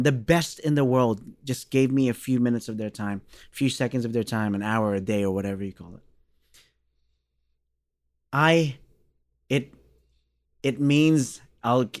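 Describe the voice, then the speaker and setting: A man in his thirties from Australia tells a long story in a relaxed interview, a bass player acting out the voices of the people in it. His pitch is mid-range, and the recording is dry and close. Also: moderate pace, dry recording. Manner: animated storyteller, acts out quoted dialogue.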